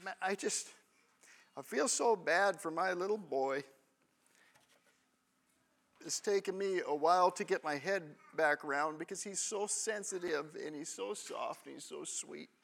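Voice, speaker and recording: A man's voice: high voice, unhurried, creaky, fairly bright tone. A man in his thirties preaching a sermon in a conversational way, often checking in with the congregation. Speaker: pastor.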